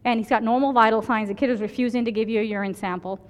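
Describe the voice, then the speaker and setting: A woman's voice: fairly high pitch, fairly even intonation, rapid-fire, big-room sound. A woman emergency physician giving a conference lecture, telling stories from her work and often checking in with "right?". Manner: chatty, storytelling, keeps asking "right?".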